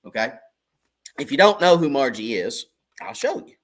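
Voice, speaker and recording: A middle-aged man with a mid-range, very animated voice hosts a casual fishing livestream at a moderate pace. He rambles in a folksy way and greets viewers by name.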